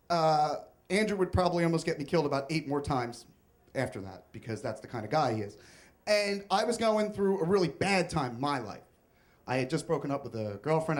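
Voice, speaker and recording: A young man telling a comic, self-mocking personal story on stage at a live storytelling event. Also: a little high.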